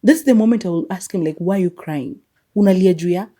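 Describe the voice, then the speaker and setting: On her solo podcast, a young woman talks casually and with energy, laughing frequently and moving between Swahili and English. Her voice is lowish and mellow, and she speaks fast.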